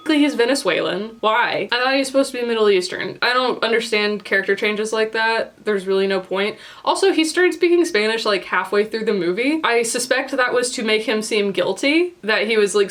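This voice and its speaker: Chatty young woman reviewing, blunt and animated. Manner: chatty, with frequent "like" fillers and blunt swearing; animated, jumps in pitch for emphasis. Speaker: book and movie reviewer. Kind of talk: casual spoken review.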